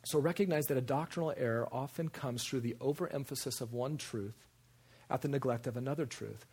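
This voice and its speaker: Husky guy preaching, keeps repeating lines, acts out little voices, middle pitch. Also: brisk. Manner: animated, repeats phrases for emphasis, jumps into quoted voices. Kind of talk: sermon.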